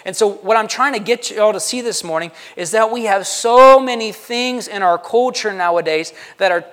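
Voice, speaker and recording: This male pastor's voice sits high and is fairly bright, moving at a normal speed. He talks to the congregation conversationally, often tossing in "right?", while the large hall adds a long reverb.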